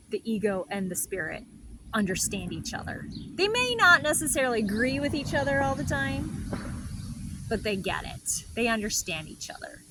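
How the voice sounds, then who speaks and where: Soft-spoken woman giving a reflective spiritual talk. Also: medium pitch, background noise. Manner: soft, meandering, heartfelt. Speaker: spiritual healer and host.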